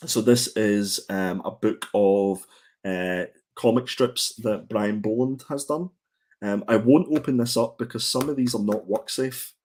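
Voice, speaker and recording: A man's voice: fairly low pitch, measured pace, a little mellow. Chatty man hosting a stream. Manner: chatty, rambling, joking, with frequent fillers and restarts. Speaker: co-host of a comics show. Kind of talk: casual livestream chat.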